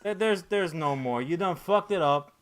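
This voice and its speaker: A man in his thirties hosts a casual comic-book podcast in a slightly high, expressive voice at a moderate pace. He goes on a sarcastic, profane, rambling rant full of fillers and restarts.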